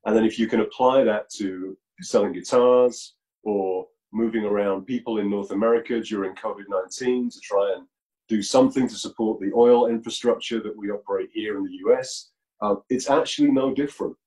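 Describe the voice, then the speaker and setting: A man answers interview questions over a video call. His voice sits a little low and sounds mellow and warm, and he explains his points in a reflective, measured way. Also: fairly even intonation, poor audio. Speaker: musician guest.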